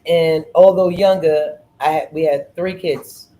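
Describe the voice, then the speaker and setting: A middle-aged woman hosting a podcast, telling stories in an earnest, animated way and repeating phrases. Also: low voice, measured pace, rough recording. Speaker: podcast host. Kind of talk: casual storytelling chat.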